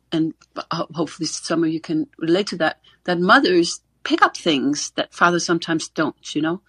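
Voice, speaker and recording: A woman's voice: on the low side, a bit bright, no room sound. A middle-aged woman co-hosting a casual online panel discussion, earnest and explanatory, often repeating words as she starts a thought. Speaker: co-host, gender expert. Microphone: online audio call.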